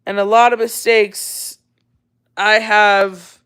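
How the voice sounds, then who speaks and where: A woman in her thirties chats on a relaxed livestream in an unhurried way. Her voice is bright and smooth, and she laughs easily as she reads and answers viewer comments. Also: medium pitch. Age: 30s. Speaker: livestream host. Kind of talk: casual livestream chat.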